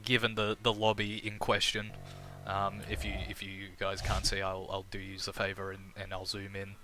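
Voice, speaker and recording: A man's voice: deep voice, completely flat delivery, normal speed. A man giving live commentary on a game tournament match, chatty, repeating his phrases and teasing the players. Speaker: tournament caster. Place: home streaming setup. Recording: noisy background hiss.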